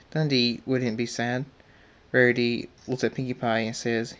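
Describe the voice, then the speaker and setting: A young man reads his own story aloud in a casual, halting way, often stumbling and restarting. His voice sits at an ordinary middle pitch. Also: level tone, a bit bright, smooth. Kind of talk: amateur story reading.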